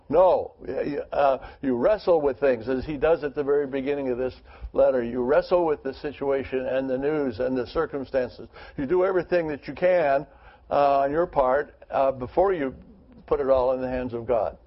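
A man's voice: mid-range voice, moderate pace, lo-fi sound. A man leading a Bible study group, reading scripture aloud and then talking it over earnestly with rhetorical questions.

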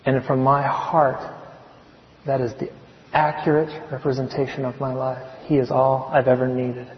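A man from California, a chemistry professor, giving an earnest personal testimony, confiding and softening on heartfelt points. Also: mid-range voice, level tone, moderate pace. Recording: echoey hall, muffled sound.

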